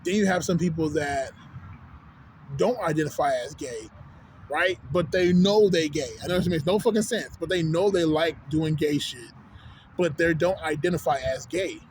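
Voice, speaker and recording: A vlogger with a Texan accent and a voice on the high side rants casually on a city street at a moderate pace. He is rambling and profane, constantly asking "you know what I'm saying." There is slight background noise.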